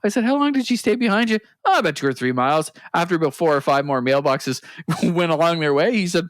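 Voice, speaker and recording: A man's voice: a little high, lively intonation, fast, dry recording. A man co-hosting a podcast, telling a story in casual chat, laughing often and acting out quoted lines. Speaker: podcast co-host.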